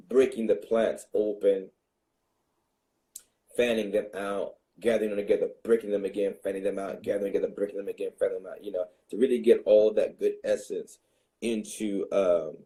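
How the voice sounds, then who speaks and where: A man with a very dark, mellow, low voice takes part in a casual study discussion. He talks in a measured way, building his points out of repeated phrases. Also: rough recording. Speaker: study partner.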